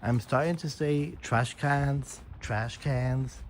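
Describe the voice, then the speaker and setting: A British man strolls through quiet suburban streets, talking to his live viewers in a relaxed, meandering way and laughing at himself. His speech is unhurried and his pitch sits in an ordinary middle range. Loud outdoor street noise runs behind his voice. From Britain. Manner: rambling, easygoing, laughs often. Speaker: vlogger. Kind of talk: live walking vlog, casual chat.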